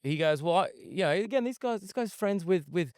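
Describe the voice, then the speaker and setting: A man's voice: high voice, animated, a little fast, darkish tone, no echo, clean studio sound. A man, a guest chef, telling a long, profane story in a casual interview, recorded at an outdoor desert festival camp.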